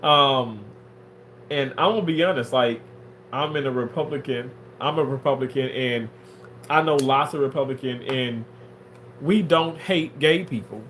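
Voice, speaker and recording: A livestreamer reading viewer comments in casual chat, drawling with many fillers and swinging into shrill, theatrical mock wailing. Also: a little slow, a bit bright, a little hiss or hum. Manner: drawling, filler-heavy talk. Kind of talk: casual live-stream chat.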